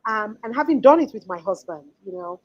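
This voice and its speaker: A woman's voice: mid-range voice, lively intonation, fairly quick, muffled recording. A woman in her forties giving an earnest, emphatic motivational talk as a life coach, often restarting her sentences.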